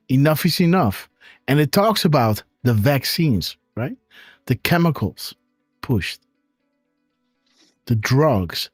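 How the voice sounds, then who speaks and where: A man's voice: medium pitch, darkish tone, no echo, studio quality. A man hosting a live commentary show, tagging his points with "right?" in an emphatic way. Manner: tags sentences with "right?", emphatic. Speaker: host.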